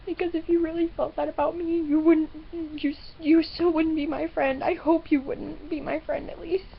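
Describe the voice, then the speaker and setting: Crying teenage girl, high gravelly voice, sniffling, halting apology, dull webcam sound. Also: little pitch movement. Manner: halting, repeats herself. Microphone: webcam built-in mic.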